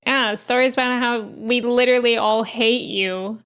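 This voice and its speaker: A woman's voice: fairly high pitch, clean tone, faint music behind. Emotional woman gushing over a show. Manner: expressive, gushing fan, quick to outrage and tears. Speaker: reaction video host. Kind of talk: emotional reaction commentary. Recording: show audio playing under her voice.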